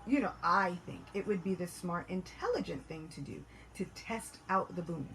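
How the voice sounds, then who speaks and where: A woman voicing a charming, persuasive young male priest who coaxes with soft hesitant asides. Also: on the low side, lively intonation, normal speed, faint music behind, rough recording. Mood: sly. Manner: smooth, coaxing, hesitant fillers.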